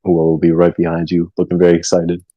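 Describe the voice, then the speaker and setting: A man's voice: sits low, completely flat delivery, quick pace, no echo, lo-fi sound. A man acting as game master, narrating a tabletop game in a casual manner with lots of fillers and occasional swearing.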